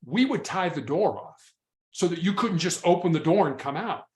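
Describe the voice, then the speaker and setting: A man with a fairly high voice tells stories from his old work. He speaks earnestly and often stumbles into restarts. The room around him has a noticeable echo. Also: expressive, moderate pace. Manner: repeats and restarts words, earnest. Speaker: former SWAT hostage negotiator, guest. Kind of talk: casual interview storytelling.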